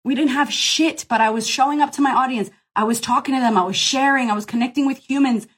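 Husky-voiced, profane woman coach. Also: high-pitched, fast talker. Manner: blunt, profane and effusive, swears often; energetic pep-talk delivery. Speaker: business coach and podcast host. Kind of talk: live motivational Q&A.

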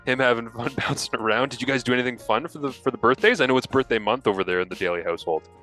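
A man's voice: medium pitch, racing, sharp tone, faint music behind. A man in his thirties, a podcast co-host chatting casually and telling stories with a self-deprecating laugh; he has a cold and a cough. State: sick with a cough. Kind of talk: casual chat.

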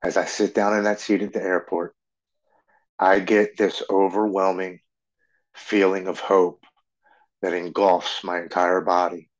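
A man in his forties telling his own story as a podcast guest, earnest and halting, often restarting his sentences. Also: low voice, level tone, lo-fi sound. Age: 40s. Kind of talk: personal recovery story.

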